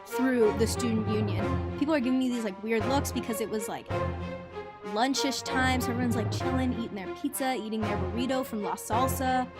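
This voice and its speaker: A woman's voice: on the high side, brisk, over loud music. A young woman, a college student, chattily retelling a hectic trip in a casual vlog and acting out the quotes. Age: young adult. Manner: chatty, breathless retelling, lots of "like", acts out quotes.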